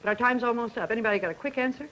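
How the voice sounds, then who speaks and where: A woman moderating a 1950s radio panel discussion, asking brisk, leading questions. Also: on the high side, fairly bright tone, slight background noise. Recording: dull vintage broadcast audio.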